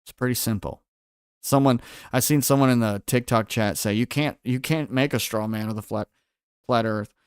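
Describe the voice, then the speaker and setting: A man's voice: medium pitch, moderate pace, smooth, no room sound, studio quality. A man hosting a quiz-style livestream, putting questions to his viewers and reading out their answers from the chat. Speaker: livestream host.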